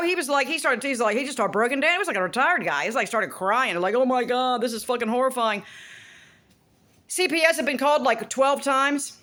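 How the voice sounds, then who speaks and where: Animated, swearing middle-aged woman ranting. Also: sits high. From United States. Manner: animated, swearing, talks to her dogs in between. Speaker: vlogger. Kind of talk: casual ranting monologue.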